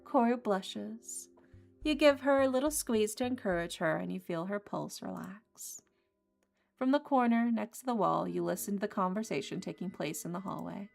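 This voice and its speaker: A woman's voice: medium pitch, normal speed, gravelly, a little mellow, soft background music. A woman streamer reading a visual novel game aloud in a casual, playful way. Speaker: gaming streamer.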